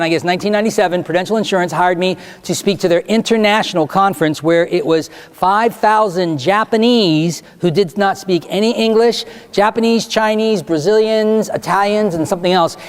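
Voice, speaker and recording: A man speaking as a stage hypnotist, answering student questions and giving slow, deliberate hypnotic suggestions in a school auditorium. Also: high voice, smooth. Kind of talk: Q&A talk and hypnotic induction to students.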